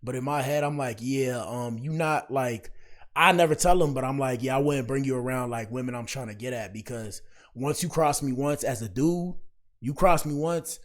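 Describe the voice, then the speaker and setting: A young commentary streamer reacts to a video for his viewers in casual, slang-heavy, preachy commentary at a moderate pace. His pitch is ordinary, and he keeps addressing the audience to drive his point home.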